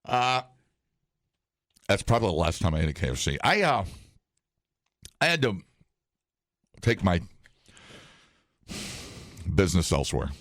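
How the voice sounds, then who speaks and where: A man's voice: low-pitched, sing-song, unhurried, pauses often, fairly bright tone, no room sound, clean studio sound. A man co-hosting a morning radio show, joking and rambling in casual banter. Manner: jokey, rambling, laughs often.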